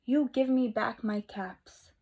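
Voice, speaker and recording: A woman doing an angry shouting cap peddler. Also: on the high side. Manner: scolding, shouting, slow and emphatic. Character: angry male cap peddler, grown man.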